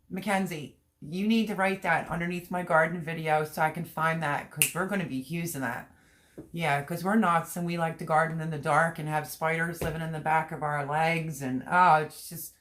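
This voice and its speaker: A woman's voice: deep voice, fairly bright tone. A woman hosting a casual gardening livestream, reading viewer comments aloud, her voice strained from laughing and crying. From Pennsylvania. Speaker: livestream host.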